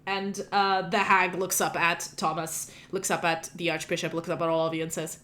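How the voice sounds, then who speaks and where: A woman's voice: on the low side, flat delivery, normal speed, few pauses, bright, forceful tone. A woman runs a tabletop role-playing game, narrating the scene casually. She talks in a loose, chatty way with frequent fillers and restarts. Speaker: game master.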